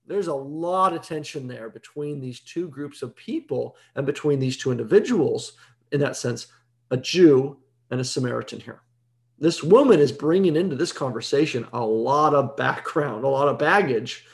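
A man's voice: medium pitch, animated, moderate pace, gravelly. A man giving an evening Bible teaching in a conversational way, explaining step by step and often checking in with "right?".

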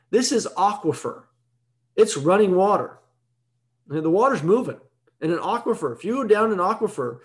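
Lively high-voiced man teaching Bible. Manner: conversational, explains step by step, keeps asking "right?".

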